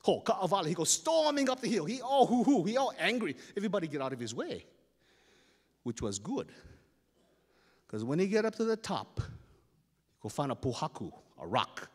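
A man speaking with a Hawaiian Pidgin English accent, performing a story live on a festival stage in a playful, dramatic way. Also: high voice. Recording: long hall reverb.

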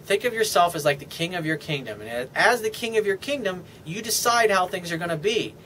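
A man with a slightly raised pitch lectures on dating in an off-the-cuff, blunt way. He drops profanity and dismissive asides, with a faint hiss underneath. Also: expressive, brisk, bright, forceful tone. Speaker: dating coach. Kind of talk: casual advice monologue.

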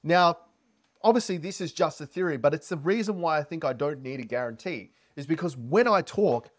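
A man's voice: fairly high pitch, a little fast. A man coaching on sales, talking to camera with lots of inflection and energy. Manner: animated, heavy inflection, energetic. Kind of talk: casual advice talk to camera.

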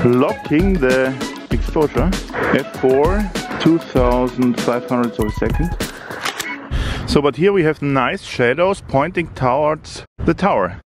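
A man whose first language is German, narrating his film photography vlog outdoors on a city street, unhurried and enthusiastic, thinking aloud as he shoots. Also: medium pitch.

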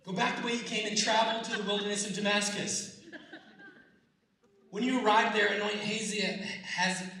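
A man preaching a sermon, swinging from loud, lively storytelling to soft, hushed asides and joking with the congregation. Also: normal speed, very echoey, far from the mic, background noise. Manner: dramatic shifts between booming and near-whisper; humorous, asks congregation for response. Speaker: pastor. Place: church sanctuary.

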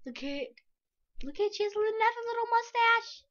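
A young woman giving casual, sarcastic commentary over a screen recording, giggly and excitable, sometimes dropping to a whisper. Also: very high-pitched, moderate pace. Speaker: vlogger. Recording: dull lo-fi mic with mouse clicks.

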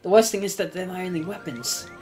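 Excitable, animated woman commenting on gameplay. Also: fairly low pitch, fast, faint music behind. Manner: excitable, laughing, exclaiming at the game. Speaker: let's play host.

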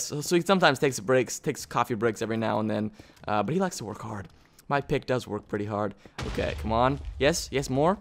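A man hosting a gaming video, giving excitable commentary on his play and chatting to the objects around him. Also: mid-range voice, fast. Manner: excitable, talks to objects in the game. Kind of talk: gameplay commentary.

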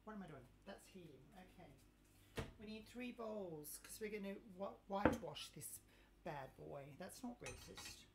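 A woman's voice: on the low side, animated, unhurried, heavy background noise. A woman hosting a casual live cooking stream, chatting and joking with viewers in a self-mocking way. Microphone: clip mic, sometimes moved.

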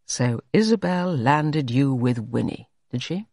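Narrator doing a male painter, quick-tempered, exasperated, swooping pitch, dry close sound. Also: expressive, dry recording. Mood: teasing. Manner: sharp, exasperated outbursts. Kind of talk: audiobook character reading.

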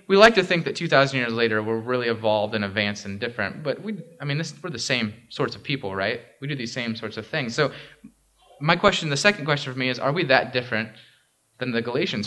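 Speaking at a medium pitch with a sharp edge, this pastor gives a chatty sermon inside the church sanctuary. He draws the congregation in with questions, leaning on frequent "right?" check-ins and "um" in a relaxed, interactive way.

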